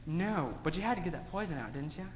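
High, lively man telling a children's story. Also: fast. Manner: asks children many questions, animated storytelling. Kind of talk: children's sermon. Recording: echoey hall, dull sound, faint noise.

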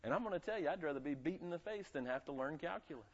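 A man's voice: on the high side, expressive, rapid-fire. A male pastor from North Carolina with a light Southern accent, preaching a sermon in a conversational way and asking his congregation for amens. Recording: muffled lo-fi sound.

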